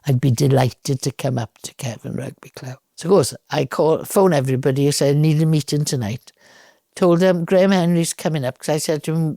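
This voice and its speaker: Older Welsh woman telling lively stories. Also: sits low, brisk, dry recording, studio quality. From Wales. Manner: lively anecdotal storyteller, acts out dialogue. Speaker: guest. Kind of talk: storytelling in a podcast interview.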